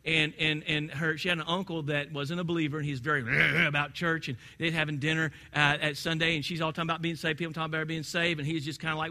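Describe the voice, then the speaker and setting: A man's voice: a little high, steady tone, fast, few pauses, bright, forceful tone. A man preaching a sermon in a conversational, storytelling way that builds to emphatic peaks. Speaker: pastor.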